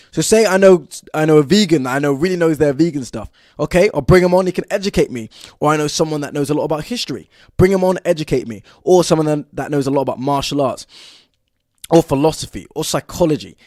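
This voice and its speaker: A young man from southern England, with a southern English accent and a rather high voice, hosts a podcast on his own. He talks in an excitable, energetic way with lots of fillers, and the clean studio recording has no room sound.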